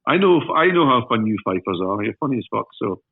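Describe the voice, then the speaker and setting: A man's voice: mid-range voice, fast talker, gravelly, slightly rough, no room sound. Glaswegian man on a tinny call line. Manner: jokey, self-deprecating, lively storytelling with swearing. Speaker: guest actor. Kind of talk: casual podcast interview.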